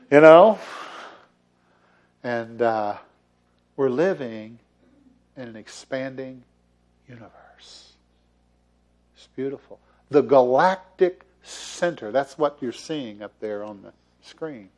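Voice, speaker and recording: A man's voice: mid-range voice, darkish tone. A man giving a sermon as the church's minister, playful and jokey, often chuckling as he talks to the congregation. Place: church sanctuary.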